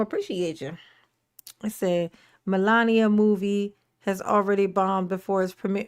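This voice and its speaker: A woman's voice: medium pitch, fairly even intonation, a little slow, smooth, dry recording, studio quality. A woman hosting a casual livestream, chatting and laughing, greeting viewers by name. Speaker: livestream host.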